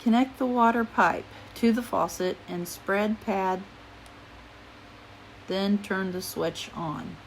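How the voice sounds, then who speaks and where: A woman's voice: mid-range voice, takes it slowly, creaky. Woman, middle-aged, chatty home vlogger, rambles with fillers, faint room hiss behind. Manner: talking quietly at times. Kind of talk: casual haul video chat.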